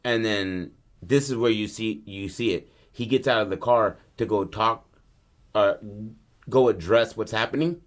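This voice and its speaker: A man's voice: fairly low pitch, measured pace. A man hosting a podcast, casually and animatedly retelling a film plot in profane street slang. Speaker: podcast host.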